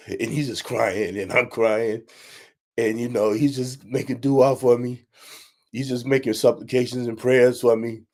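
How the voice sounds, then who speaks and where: Heartfelt, low-voiced man telling a story. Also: darkish tone. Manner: heartfelt, repetitive, addresses listeners directly. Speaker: podcast host. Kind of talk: emotional personal storytelling.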